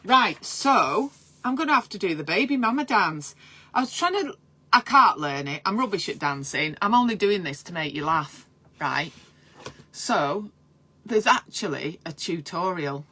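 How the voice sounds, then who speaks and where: Midwife host, casual live chat, bright forward voice, excitable and laughing at herself. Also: female voice, lowish voice, measured pace, slightly rough. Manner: chatty, excitable, self-mocking.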